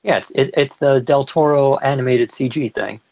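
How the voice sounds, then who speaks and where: A man's voice: medium pitch, normal speed, darkish tone, no room sound, dull audio. A young man co-hosting a podcast in casual chat, enthusiastic and chatty, stumbling through restarts. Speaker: podcast co-host.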